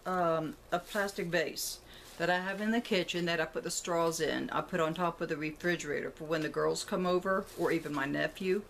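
A woman's voice: lowish voice, slight background noise. Rambling chatty woman vlogging at home. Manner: rambling, chatty, thinks aloud. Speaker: vlogger showing a shopping haul. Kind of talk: casual chat to camera. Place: indoors at home, room with a closet. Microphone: camera on a tripod.

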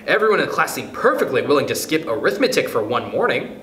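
Guy reading a kids book, lively up and down voice, echoey room, slight hiss. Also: fairly high pitch, fast. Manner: expressive, animated. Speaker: storyteller. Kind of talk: reading a children's book aloud. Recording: roomy echo, faint noise.

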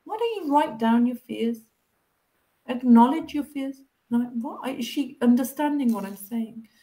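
A woman telling her recovery story in a casual interview, acting out past conversations with lively changes of voice, heard over a video call. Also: on the high side, normal speed. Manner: animated, acts out past conversations.

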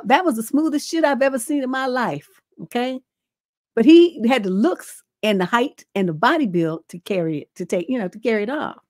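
A woman's voice: fairly high pitch, darkish tone, dry recording, clean studio sound. Blunt middle-aged woman advice host. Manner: blunt and profane, tells stories. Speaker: relationship coach and advice show host. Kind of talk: livestream advice talk.

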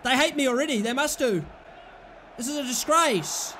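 High, bright-voiced British man. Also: expressive, moderate pace, slight background noise. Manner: exasperated, yells at his players and the referee. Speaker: gaming YouTuber. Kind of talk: live gameplay commentary.

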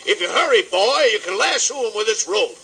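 An actor playing a boastful, folksy rooster who repeats himself, in 1950s children's record acting with music behind. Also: male voice, sits high, expressive, brisk, bright, forceful tone, heavily acted. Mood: blustering. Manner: drawling, self-satisfied, bossy. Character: blustering big southern rooster, boastful, folksy.

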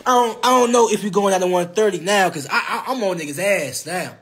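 Fast and high-pitched with a slightly bright tone, a young man on a social media live stream, a boxer, trash-talks rivals from his phone. He taunts brashly, repeats himself, and laughs mid-sentence.

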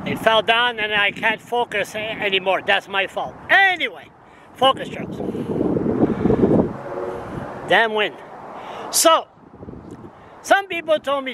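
A man's voice: high voice, expressive, a little slow. A man in his sixties ranting to a camera on a stand outdoors, agitated and rambling, repeating himself, with wind and traffic around him. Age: 60s. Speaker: vlogger. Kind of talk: casual rant to camera. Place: outdoors in windy town street with traffic. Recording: outdoor street noise and wind.

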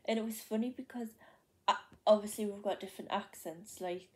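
A young Geordie woman chats to her camera and tells a long story from her day, looping back with plenty of ums, likes and restarts. Her voice is mellow and soft, never sharp. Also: mid-range voice, fairly quick. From North East England. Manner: rambling, many fillers and restarts. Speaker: vlogger. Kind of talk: casual chatty storytelling.

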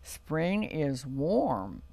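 A man voicing a kind mother rabbit in a children's storybook, speaking in a soft, soothing manner. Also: fairly high pitch, sing-song, very slow, creaky, slightly rough, no echo, heavily acted.

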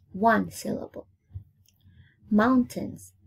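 Slow husky woman teaching syllables. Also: mid-range voice. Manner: slow, repeats each word twice and counts out syllables. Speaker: English teacher. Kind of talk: classroom lesson, spelled-out syllables.

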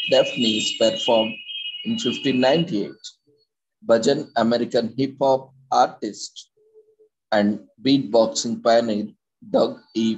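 A man presenting an informative talk. He reads in a measured way, with hesitant fillers and restarts. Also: medium pitch, darkish tone, slightly rough, rough recording. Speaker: presenter of a daily topic segment.

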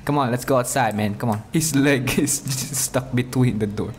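A young man doing casual gameplay commentary, excitable, with loud outbursts and frequent laughs. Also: mid-range voice, moderate pace. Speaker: gaming YouTuber. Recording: voice with loud game music behind.

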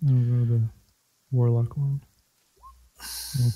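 A man's voice: mid-range voice, flat delivery, slow pace, mellow, poor audio. A man playing in a tabletop game who chats casually in a laid-back way. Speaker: player.

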